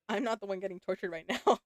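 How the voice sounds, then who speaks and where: A woman's voice: medium pitch, dry recording, studio quality. A woman reading a novel aloud on a live stream from home, chatting with her audience, laughing often and swearing casually. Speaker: book reader and live streamer. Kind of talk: live-streamed book reading with chat banter.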